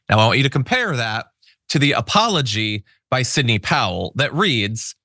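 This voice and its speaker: A man's voice: mid-range voice, sharp tone, no room sound, clean studio sound. A man hosting a political news show, talking in a wry, sarcastic way and reading out viewer comments.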